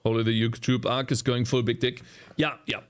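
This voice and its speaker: A brisk, flat-toned man with a mid-range voice chats casually with viewers on a live coding stream. He's a native German speaker with a German accent, a streamer and indie game developer who rambles and hunts for English words.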